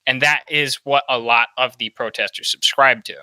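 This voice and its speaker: A man's voice: medium pitch, fairly even intonation, normal speed, bright, forceful tone, no echo, low-quality recording. A man hosting a podcast, giving opinionated political commentary and asking "right?" often. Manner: opinionated, peppers talk with "right?". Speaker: podcast host.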